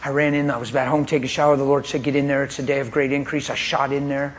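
In a fast, medium-pitched voice with little pitch movement, a man delivers his testimony as a sermon, and a little hiss or hum is audible. He speaks pointedly and plainly, animated and frequently laughing as he tells his story.

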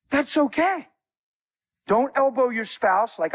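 A man preaching a sermon as a guest speaker, animated, telling stories with acted-out dialogue. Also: high voice, moderate pace, husky.

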